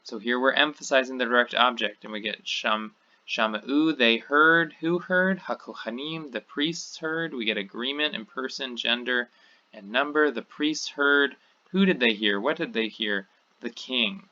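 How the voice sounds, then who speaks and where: A man with a drawl lectures at an easy, methodical pace, repeating terms so they sink in. His tone is very bright and forward. The recording sounds dull and lo-fi. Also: medium pitch, a little slow. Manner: methodical, repeats key words and phrases. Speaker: teacher.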